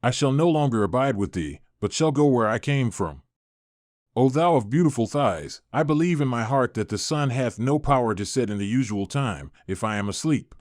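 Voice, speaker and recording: A man voicing a proud, quick-tempered male ascetic sage in an audiobook, speaking in stern, archaic phrases. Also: mid-range voice, expressive, a little mellow, no echo, clean studio sound, natural voice. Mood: angry. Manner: stern, formal archaic speech.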